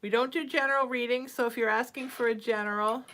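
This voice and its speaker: A woman's voice: on the high side, steady tone, fast talker, fairly bright tone, a little hiss or hum. A woman psychic hosting a casual live stream, reading out viewer names and cooing at her cat between readings. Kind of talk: casual livestream chat.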